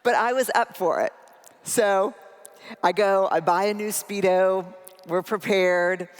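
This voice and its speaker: A woman's voice: mid-range voice, slow pace. A middle-aged woman tells a personal story from the stage in a chatty, self-deprecating way, often turning to the audience. Her voice sits in a middle register. The sound carries the long reverb of a big conference hall. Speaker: keynote speaker. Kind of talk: humorous personal storytelling talk.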